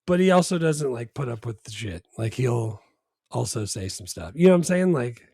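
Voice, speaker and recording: Laid-back husky man chatting about movies. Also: medium pitch, lively intonation, normal speed, warm tone, no room sound, clean studio sound. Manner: rambling, laid-back, many fillers and restarts. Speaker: podcast co-host. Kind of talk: casual movie chat.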